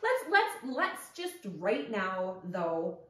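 Animated woman in her forties, echoey. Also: mid-range voice, far from the mic. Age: 40s. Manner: animated, quick to laugh. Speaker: podcast co-host. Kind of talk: casual chat.

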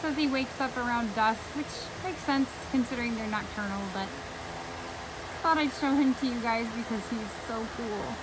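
Bubbly high-voiced woman vlogging. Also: normal speed, background noise. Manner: bubbly and chatty, coos at animals. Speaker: travel vlogger. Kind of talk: casual vlog walk-through. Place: outdoors at a theme park.

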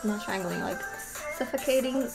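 A young woman reacting to a video in casual, animated commentary, often exclaiming and laughing. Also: mid-range voice, normal speed, vocal fry. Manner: animated, exclaiming and laughing at what she watches. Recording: music playing behind her voice. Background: faint music.

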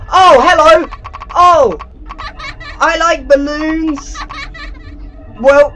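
A young man playing a game with a friend, jumpy, yelling at scares and cackling. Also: high voice. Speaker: gamer co-host. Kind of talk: casual gaming banter.

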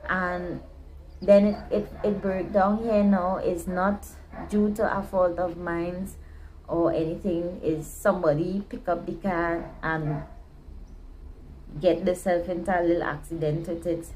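Low-voiced woman venting. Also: fairly even intonation, measured pace, a little mellow, a little hiss or hum, low-quality recording. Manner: venting, earnest, faith-filled retelling. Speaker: vlogger. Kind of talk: casual personal storytelling. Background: neighborhood dogs barking.

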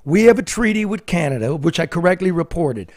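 A male talk show host with a high voice delivers opinions in a brash, sarcastic way. He plays up his points with theatrical asides. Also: animated, a little fast, a little mellow.

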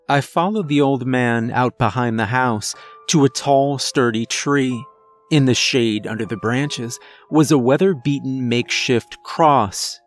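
A man narrating a first-person horror story in a deliberate, measured way. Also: mid-range voice, soft background music. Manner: slow, deliberate, measured delivery.

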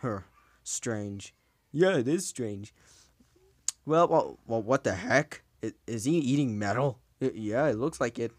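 Man, game reaction host, excitable, gasps and shouts, lively swooping pitch, dry close sound. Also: a little slow, dry recording. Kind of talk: excited live reaction commentary.

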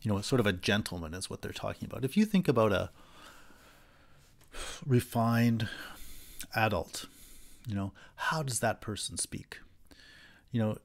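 This recorded university lecture features a man with a lowish, expressive voice, a moderate pace, vocal fry, and long pauses. He discusses philosophy conversationally, restarting sentences, using fillers, and animatedly acting out examples.

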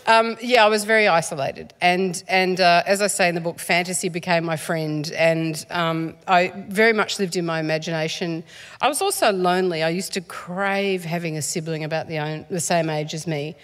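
A woman's voice: lowish voice, normal speed, a bit bright. A woman, an author guest, talking in a live stage interview, chatty and self-deprecating with frequent laughs and ums. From Australia, born in England.

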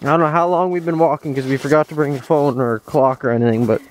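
Young guy vlogging a hike outdoors, jokey and laid-back, slightly high voice, faint outdoor hiss. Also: steady tone, quick pace, rough recording. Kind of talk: casual vlog chat. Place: snowy forest trail outdoors. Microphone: handheld camera.

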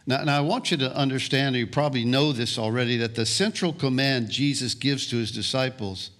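A male pastor preaching a sermon, slow and deliberate, often restarting and repeating words. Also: mid-range voice, fairly bright tone.

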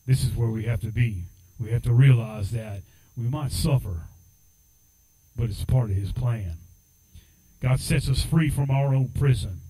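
A man preaching with a mellow, warm tone, moving easily between plain storytelling and fervent exhortation. His pitch sits in the middle for a man. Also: unhurried, slightly rough, low-quality recording. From United States. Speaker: assistant pastor. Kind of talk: sermon.

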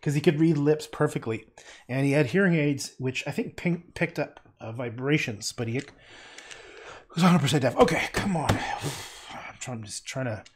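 A man's voice: fairly high pitch, moderate pace, slight background noise. A man painting on a livestream, rambling and muttering to himself, tossing in playful nonsense words and casual swearing. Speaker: painter streaming live.

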